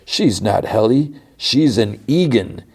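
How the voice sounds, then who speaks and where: A man's voice: medium pitch, expressive, slow, creaky, a little mellow, husky, voice pushed up, full character voice. A man reading out the lines of an agitated middle-aged male office worker while retelling an episode, half-acting them. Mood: frantic. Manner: quoted lines in a recap, half-acted.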